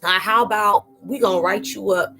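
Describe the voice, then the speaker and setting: A woman hosting a casual live-stream spiritual chat, talking in a slangy, animated way and laughing often. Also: medium pitch, normal speed, creaky, soft background music. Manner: chatty and animated, laughing and acting out quoted exchanges; slangy, informal phrasing.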